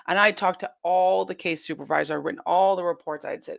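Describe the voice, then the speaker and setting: A woman's voice: medium pitch, normal speed, creaky. A woman telling her story as an interview guest, earnest and intense, often quoting her own past thoughts aloud. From United States.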